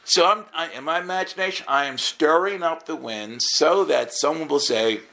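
Gravelly man preaching through a story. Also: moderate pace. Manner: animated storytelling, acts out dialogue with jumps in pitch. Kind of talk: storytelling sermon.

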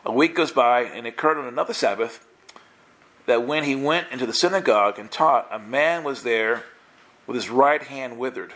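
A man teaching the Bible in a loose, conversational way, with a voice of ordinary middle pitch for a man. He keeps it playful and slips into little character voices as he retells the scenes. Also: moderate pace, a bit bright.

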